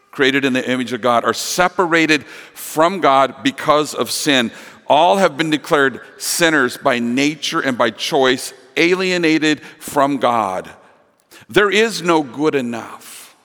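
A man's voice: on the high side, pushed and bright, long reverb tail. A male pastor preaching a sermon earnestly, with emphatic repetition, to a church congregation. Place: church sanctuary.

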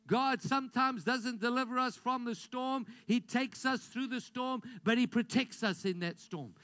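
Male pastor, high pitch, dry close sound; emphatic sermon delivery with call-and-response. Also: measured pace, few pauses, fairly bright tone, no echo. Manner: emphatic preacher, repeats phrases, leads congregation call-and-response.

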